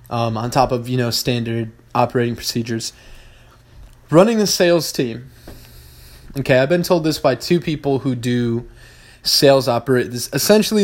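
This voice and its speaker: A man hosting a podcast, talking through business lessons in a blunt, profane, casual way and repeating points for emphasis. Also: medium pitch. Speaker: podcast host, business owner.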